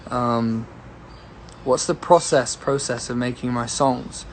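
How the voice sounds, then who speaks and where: A man's voice: medium pitch, fairly even intonation, slow pace, slight background noise. Easygoing young man chatting. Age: young adult. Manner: rambling and easygoing, greeting viewers by name. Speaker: singer-songwriter. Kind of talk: casual livestream chat answering viewer questions. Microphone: phone livestream.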